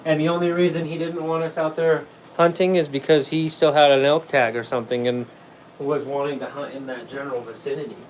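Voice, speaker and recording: A man's voice: on the high side, steady tone, brisk, slight background noise, poor audio. A man hosting a casual livestream, rambling through hunting stories, swearing freely and laughing often while he reads chat. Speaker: livestream host.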